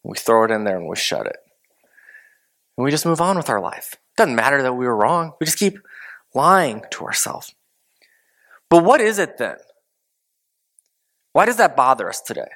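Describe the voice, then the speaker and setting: A man preaching a conversational sermon as pastor, asking rhetorical questions and swinging between loud emphasis and hushed, low asides. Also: big pitch swings, brisk.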